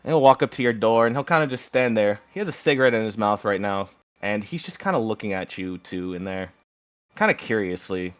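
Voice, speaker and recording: A young man running a tabletop game as game master, telling the scene in a lively way. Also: fairly low pitch, a little fast, clean tone, no echo. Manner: lively storytelling, slips into character voices.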